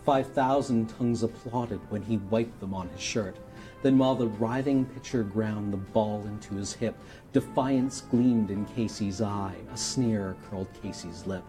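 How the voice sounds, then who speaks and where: Brief: man, dramatic poetry reader, mellow dark tone, announcer-style delivery, faint music behind. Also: lowish voice, measured pace. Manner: mock radio announcer delivery. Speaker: charity stream performer.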